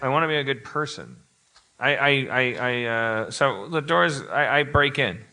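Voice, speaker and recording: A slightly drunk man playing a tabletop game on stage, talking in halting, rambling, apologetic bursts. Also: medium pitch. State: a little drunk. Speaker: player. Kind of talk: live tabletop game play. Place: live stage before an audience. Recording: live show with background noise.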